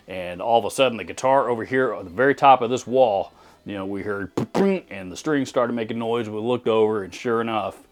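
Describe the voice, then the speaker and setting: A Texan man with a lowish voice hosts a channel and responds to viewer comments. His commentary is casual, blunt and sarcastic, and he keeps restarting his sentences.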